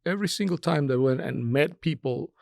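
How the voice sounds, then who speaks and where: A middle-aged man from Puerto Rico with a Puerto Rican Spanish accent and Spanish as his first language, telling stories as an interview guest, animated with many hesitant fillers. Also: fairly high pitch, a little fast, gravelly, no echo, clean studio sound. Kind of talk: casual interview conversation.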